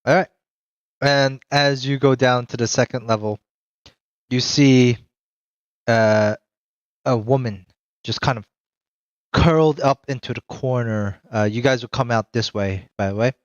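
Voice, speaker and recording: A game master narrates a tabletop game slowly, pausing and filling gaps with fillers. The sound is dull and lo-fi, dry and close. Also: medium pitch, no echo. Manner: slow, hesitant, with fillers.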